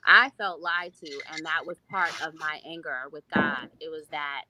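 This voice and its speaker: A woman's voice: low voice, normal speed, hardly any pauses, sharp tone, slight background noise, low-quality recording. A woman in her thirties, a podcast guest, telling a personal story in a heartfelt, reflective way. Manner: heartfelt, reflective, speaks in long flowing runs. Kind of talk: personal testimony in a podcast interview.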